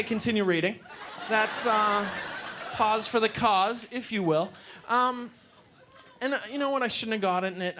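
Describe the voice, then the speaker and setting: A male stand-up comedian performing a live set, telling stories with an animated delivery and deadpan asides, on a club stage with a handheld mic. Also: high-pitched. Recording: live club with audience laughter and room noise.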